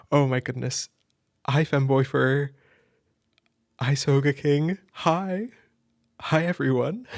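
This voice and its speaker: A man hosting a live stream, nervous and excited, chatting loosely with lots of fillers and restarts. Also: mid-range voice, vocal fry, no room sound, clean studio sound. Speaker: audio role-play creator hosting a live stream. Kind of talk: casual live-stream chat.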